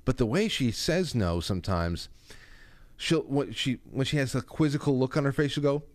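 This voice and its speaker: A man's voice: medium pitch, animated, moderate pace, dry recording. A middle-aged man hosting a casual call-in talk show, chatty and reading listener stories aloud. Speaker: radio talk show host.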